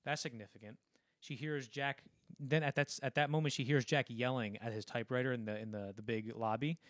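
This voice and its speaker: A man's voice: medium pitch, steady tone, a little fast, dry recording, studio quality. A young man co-hosting a casual film podcast, animatedly retelling scenes in a rambling way full of restarts. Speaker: podcast co-host.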